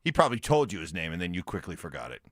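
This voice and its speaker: A man co-hosting a casual sports talk radio show, animated and quick with jokes. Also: sits low, dry recording, studio quality. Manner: animated, quick jokey back-and-forth. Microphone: studio broadcast mic.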